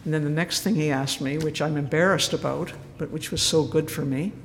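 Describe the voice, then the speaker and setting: A woman speaking as a retreat leader, sharing a personal story gently and earnestly, with self-deprecating humor. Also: low-pitched, fairly even intonation, a little fast, slight background noise. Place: church. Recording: long church reverb.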